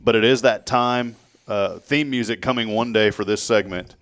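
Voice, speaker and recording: A man's voice: on the low side, moderate pace, fairly bright tone. A man hosting a casual morning show, joking and laughing easily with his co-host. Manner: jokey, laughs often. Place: small studio.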